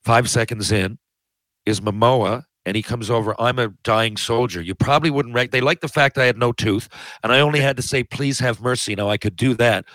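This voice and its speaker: A man's voice: medium pitch, a little fast, a bit bright, no echo, poor audio. Rambling storyteller man, dry sound. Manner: rambling, self-interrupting anecdotes. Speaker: podcast guest. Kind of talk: casual storytelling.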